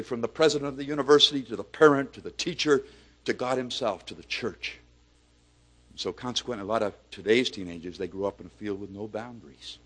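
Middle-aged male preacher delivering a sermon, ranges from quiet and low to loud, ringing emphasis. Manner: swings from hushed to loud, building emphatic climaxes.

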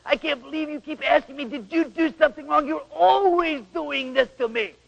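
A man voicing an irritated wife who brushes off her husband with a sharp, exasperated tone. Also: very high-pitched, normal speed, creaky, voice pushed up, heavily acted. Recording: dull radio recording with long hall echo.

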